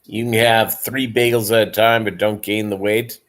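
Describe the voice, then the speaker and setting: A man's voice: lowish voice, level tone, moderate pace, a bit bright. A tired man hosting a casual livestream, rambling with lots of fillers while he chats with viewers. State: tired, yawning. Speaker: livestream host.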